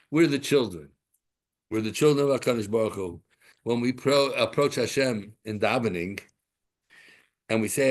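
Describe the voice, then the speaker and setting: A man in his sixties teaching a Torah class, animated and full of rhetorical questions and stories. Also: mid-range voice, moderate pace, pauses often.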